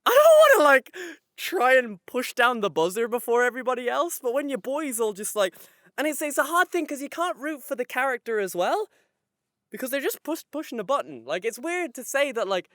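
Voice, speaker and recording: A young man co-hosting a podcast in casual chat, ranting excitably with lots of swearing. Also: very high-pitched, fairly quick, dry recording, studio quality. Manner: excitable rants, heavy swearing. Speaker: podcast co-host.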